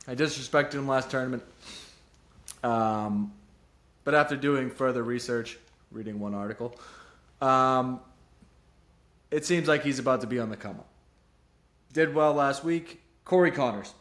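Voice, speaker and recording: A man's voice: medium pitch, a bit bright. A young man hosting his own golf betting show, rambling casually and joking at his own expense. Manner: rambling and self-deprecating, jumps between serious and goofy. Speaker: podcast host giving golf betting picks. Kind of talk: casual solo commentary.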